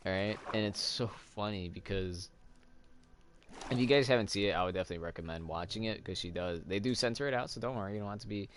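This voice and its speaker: A man's voice: fairly low pitch, fast talker, a little hiss or hum. A man casually chatting while playing a game, rambling with lots of fillers and little laughs. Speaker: let's play host. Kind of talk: casual gameplay commentary.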